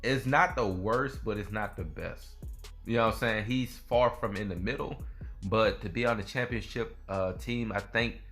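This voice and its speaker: A man with a lowish voice giving casual commentary on a basketball player. He repeats himself loosely and often ends his points with "man". Soft music plays quietly underneath. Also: normal speed. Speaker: sports video host.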